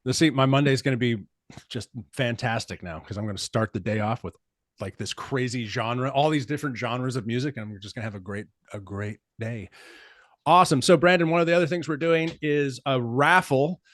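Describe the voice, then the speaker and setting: A man's voice: mid-range voice, fairly quick, dry recording. A man, hosting a casual podcast chat among family and friends, rambling and laughing as he talks. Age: 40s. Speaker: podcast host.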